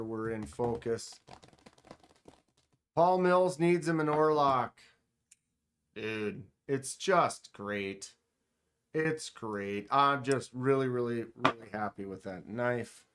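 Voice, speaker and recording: A man's voice: mid-range voice, a bit bright, slight background noise. A man hosting a casual knife livestream at a table indoors, chatting enthusiastically and reading the chat aloud. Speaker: knife channel host.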